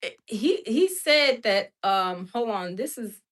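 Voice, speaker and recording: A woman hosting a casual livestream, animated and laughing often as she talks to her viewers. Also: a little high, slow pace. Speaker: livestream host.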